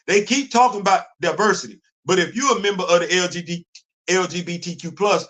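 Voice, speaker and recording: Man, high voice, live stream host, animated, rhetorical questions, repeats himself.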